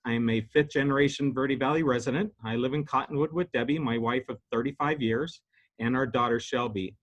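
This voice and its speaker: A man's voice: mid-range voice, brisk, a bit bright, muffled recording. A middle-aged man from Arizona giving an earnest, prepared campaign statement as a county supervisor candidate, with filler words.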